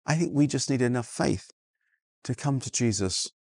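A man's voice: medium pitch, expressive, moderate pace, darkish tone, husky, no room sound, studio quality. A man preaching a sermon in an earnest way, often repeating words and restarting his sentences. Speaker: pastor.

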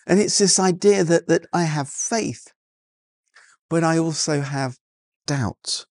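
A man's voice: a little high, slow pace, long pauses, a little mellow, dry recording, studio quality. A man preaching a sermon in an earnest way, often repeating words and restarting his sentences. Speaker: pastor.

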